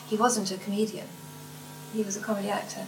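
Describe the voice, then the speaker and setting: A woman's voice: medium pitch, level tone, fast talker. An older actress chatting on stage, laughing often and acting out the voices of people in her stories. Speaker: guest actress. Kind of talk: anecdotal stage talk. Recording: roomy hall, distant mic, faint noise.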